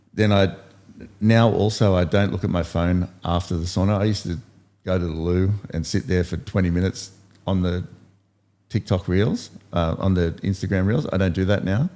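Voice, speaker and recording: A man's voice: low-pitched, dark tone. A man in his fifties hosting a podcast, coaching and telling stories in casual motivational chat, repeating points for emphasis. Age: 50s. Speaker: podcast host.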